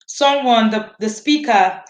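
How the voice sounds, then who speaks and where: A woman's voice: on the high side, slow, reverberant. A woman hosting and moderating a panel discussion, reflective and affirming, often humming in agreement. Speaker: host and moderator.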